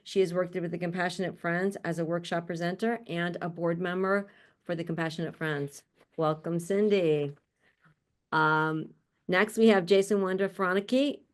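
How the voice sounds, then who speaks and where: A woman hosts an online panel over a video call, introducing each guest warmly. She is chatty and laughs often, with friendly asides between names. Her voice sits slightly low for a woman. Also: fairly even intonation, moderate pace. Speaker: panel host.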